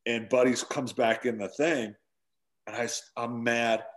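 A man, a former pro catcher in his forties, telling stories from his playing days in a casual interview, acting out shouted lines as he goes. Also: mid-range voice, measured pace. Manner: animated storyteller, acts out yelling quotes.

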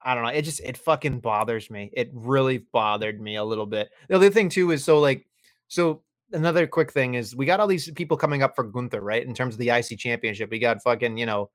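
A man co-hosting a podcast in casual wrestling chat, excitable and profane, his voice climbing when he rants. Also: fast, no echo. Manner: excitable, swears often, rants with rising pitch. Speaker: podcast co-host.

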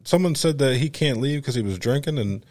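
A man tells a story on a casual podcast, slipping into quick voices for the people in it and laughing as he goes. His voice sits at a middle pitch. The recording is dry and close. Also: no echo. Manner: animated, acts out other people's lines with profanity and laughter. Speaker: podcast host.

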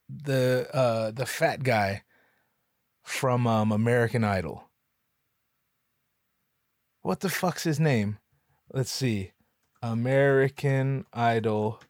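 A man riffing in a rambling comedic monologue at home, profane and often interrupting himself as he works through his thoughts out loud. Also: medium pitch, dry recording, studio quality. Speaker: solo commentator.

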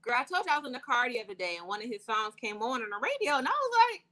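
Bright, animated woman co-host. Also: on the high side, racing. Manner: animated, sassy storytelling. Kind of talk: casual pop-culture chat. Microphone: wireless earbuds.

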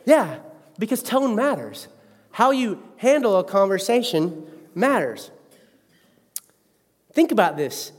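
A man preaching a sermon as pastor, animated and acting out the voices in his stories. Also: high voice, slow, long pauses. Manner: animated storyteller who acts out quotes. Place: church. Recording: long hall reverb.

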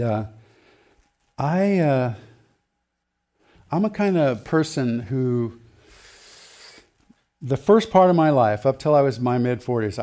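A man's voice: mid-range voice, mellow. A middle-aged male pastor preaching a sermon in a chatty, storytelling way, laughing often and acting out quotes.

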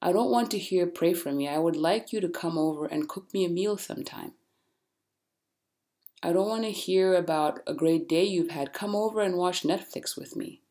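Female podcast host, deep-pitched, blunt, preachy, lively. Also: moderate pace. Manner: blunt, animated, preachy encouragement. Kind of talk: casual motivational monologue.

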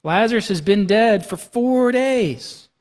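Man, pastor, high voice, conversational sermon, long church-hall reverb. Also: expressive, slow pace, a little mellow. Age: young adult to middle-aged, has young kids. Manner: conversational, asks the congregation "right?" and "okay?". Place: church sanctuary.

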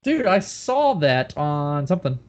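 Teasing higher-voiced man, dull mic. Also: very animated, unhurried. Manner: teasing, jokey. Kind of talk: casual chat.

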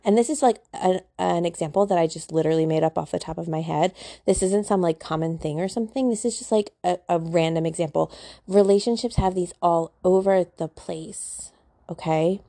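A woman talks casually to her audience about spiritual self-help, slangy and rambling with filler words. Her voice sits fairly low with a lot of vocal fry. The recording is dry and close. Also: moderate pace, mellow, no room sound. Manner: chatty, peppered with "like", slangy. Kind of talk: casual talking-to-camera monologue.

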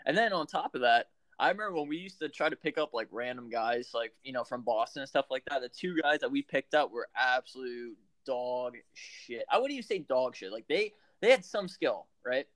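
A man's voice: medium pitch, fairly bright tone, dry recording. A man co-hosting a podcast, telling rambling, profane stories in casual chat.

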